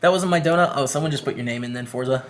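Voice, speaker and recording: An upbeat Canadian man talks through his poker hands on a live stream. His voice sits at an ordinary, middle pitch, and he keeps the talk loose and friendly as he greets viewers one after another. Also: very fast, a little hiss or hum. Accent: Canadian English. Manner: chatty and upbeat, greets chat viewers by name.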